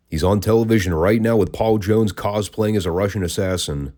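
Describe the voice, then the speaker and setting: A man with a low, dark, mellow voice talks through old wrestling matches in a relaxed, conversational way. He keeps slipping in dry, sarcastic asides. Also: fairly quick. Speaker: wrestling podcast host. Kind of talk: casual review commentary.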